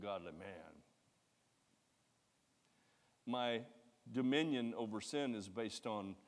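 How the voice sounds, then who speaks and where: A man preaching a sermon, emphatic and repetitive, swinging from loud to hushed. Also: mid-range voice. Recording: long hall reverb.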